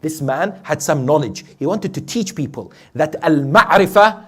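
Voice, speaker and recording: A male preacher delivers a sermon in a slightly high, very lively voice that climbs and falls across a wide range. He builds to forceful urging, asks the listeners rhetorical questions, and then sinks into a hushed storytelling tone. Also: normal speed. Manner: emphatic, poses rhetorical questions to the audience; swings between loud urging and quiet storytelling. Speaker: sheikh, preacher. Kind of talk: Muharram night sermon.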